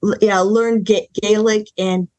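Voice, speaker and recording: Halting, thoughtful woman filmmaker. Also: mid-range voice, steady tone, darkish tone. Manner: thoughtful, halting, with many restarts and ums. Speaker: filmmaker guest. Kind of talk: casual interview answers.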